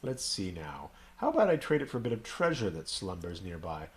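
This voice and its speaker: A man's voice: sits low, sing-song, fairly quick. A man voicing a mysterious old hermit, reading the lines in a lofty, dramatic way. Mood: sly. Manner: reads the game lines in an elevated, dramatic voice.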